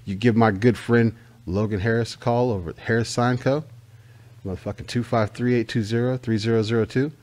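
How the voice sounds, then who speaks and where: With brisk delivery, a medium-pitched voice, fairly even intonation and a darkish tone, this American man hosts a casual comedy podcast. He curses freely and riffs like a pushy salesman.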